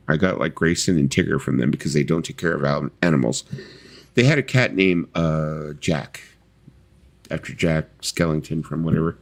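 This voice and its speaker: A middle-aged man co-hosting a casual live stream chat, telling rambling stories and acting out what others say. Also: deep voice. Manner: rambling storytelling, acts out quoted voices.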